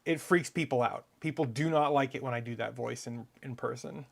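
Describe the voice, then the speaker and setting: A man's voice: medium pitch, a little fast, vocal fry. A man casually chatting on a live stream while taking apart hardware, rambling and self-mocking and muttering as he works. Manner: murmurs to himself while working.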